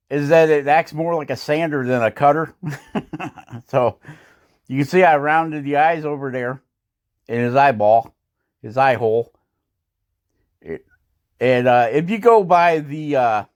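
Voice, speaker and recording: A casual male voice-over from a hobby woodcarver, explaining each step as he goes. He rambles, chuckles often and is quick to poke fun at his own skill. His pitch sits at an ordinary middle height for a man. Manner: rambling, chuckling, self-deprecating. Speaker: woodcarving channel host.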